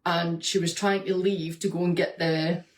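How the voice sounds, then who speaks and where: A woman with a slightly low voice chats casually on her vlog, answering viewer comments. She is animated and talkative, breaking into laughter often as she tells her stories. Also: moderate pace, a little hiss or hum. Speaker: vlogger and nurse.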